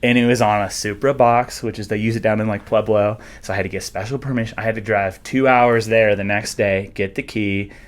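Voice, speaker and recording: A young adult man, a real estate agent, telling stories about his work in a relaxed, self-deprecating way. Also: on the low side, brisk, few pauses. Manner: self-deprecating, laid-back storyteller. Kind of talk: casual interview chat.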